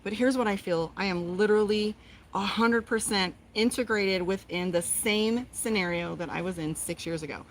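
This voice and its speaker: Animated woman host, casual storytelling. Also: mid-range voice, moderate pace. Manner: animated, expressive storytelling with acted-out quotes. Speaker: tarot reader and podcast host. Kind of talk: casual live chat.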